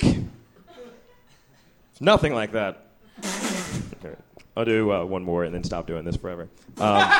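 A young man doing a stand-up set, then chatting as a guest, bouncing between silly put-on voices. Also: mid-range voice. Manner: lively, jumping into silly voices. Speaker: stand-up comedian.

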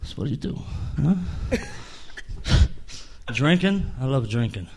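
A man's voice: medium pitch, big pitch swings, takes it slowly, darkish tone, slightly rough. A man doing stand-up comedy on a club stage, rambling through absurd jokes and jumping into sudden silly voices, with audience laughter behind him.

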